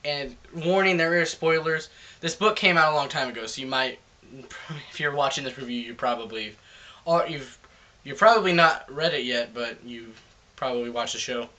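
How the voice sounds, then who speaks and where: Bright-voiced man rambling through a recap. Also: mid-range voice, normal speed. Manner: rambling, loose plot recap. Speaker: comic book reviewer. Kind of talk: casual chat.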